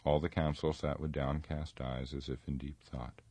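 A man reading a novel aloud in steady, measured scripted narration. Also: rumbling low, no echo. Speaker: audiobook reader.

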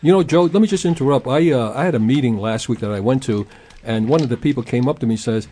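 Brief: male co-host, mellow warm tone, conversational storyteller. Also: mid-range voice, fast. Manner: conversational, anecdotal. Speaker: radio co-host. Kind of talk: radio talk show banter.

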